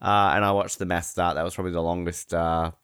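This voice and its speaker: A man's voice: level tone, fast talker, fairly bright tone, clean tone. A man hosting a casual video-call chat show, joking and laughing as he talks. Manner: jokey, laughs often, mimics people in high voices. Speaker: podcast host.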